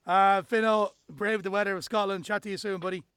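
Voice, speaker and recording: Man, football podcast host, relaxed casual chat, high voice, dry close sound. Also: a little fast, clean tone, no room sound. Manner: relaxed, fillers, wraps up the show.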